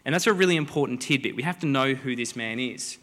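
A man preaching a sermon, a lively, joking storyteller who acts out the people in the story. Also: medium pitch, quick pace. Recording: long hall reverb.

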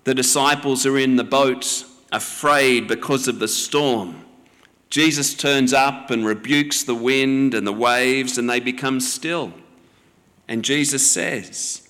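A man preaching a sermon in a measured, gently teaching way. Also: mid-range voice, big-room sound.

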